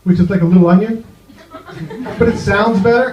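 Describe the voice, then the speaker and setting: A man from New Jersey doing a stand-up set in a comedy club, rambling and halting with lots of "you know". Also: sits high, big pitch swings. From New Jersey, USA. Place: comedy club with live audience. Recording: echoey, muffled live club recording.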